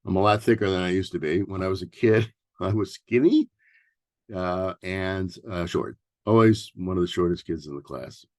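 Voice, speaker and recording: A man in his sixties from New York City giving a relaxed workshop talk as a therapist, mixing advice with personal stories and often pausing on fillers and restarts. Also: low voice, no room sound, clean studio sound. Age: 60s. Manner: loose and conversational, with many fillers and restarts. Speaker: workshop presenter, family therapist.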